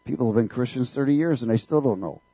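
A man's voice: mid-range voice, animated, quick pace, dark tone, breathy edge, dry recording, poor audio. A man preaching a fervent sermon in a church, calling out questions for the congregation to answer back. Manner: fervent, call-and-response preaching.

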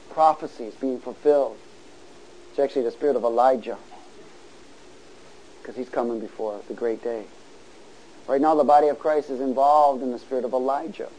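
A man's voice: mid-range voice, poor audio. Call-and-response preacher man. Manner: call-and-response, rising to loud exhortation. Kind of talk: sermon.

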